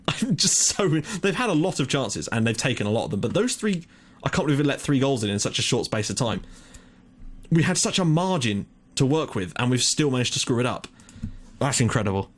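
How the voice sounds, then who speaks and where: Man, young, live game commentary, lively swooping pitch, swears when frustrated. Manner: excitable, swearing, thinks aloud. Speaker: gaming commentator.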